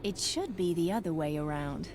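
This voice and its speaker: A performer voicing a mysterious woman who speaks slowly and wryly. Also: medium pitch, animated, heavy background noise, lightly acted.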